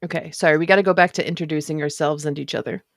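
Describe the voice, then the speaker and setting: A woman's voice: low voice, fairly even intonation, very fast, gravelly, no echo, clean studio sound. A woman player in a tabletop game, playful and bantering. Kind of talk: tabletop role-play chat.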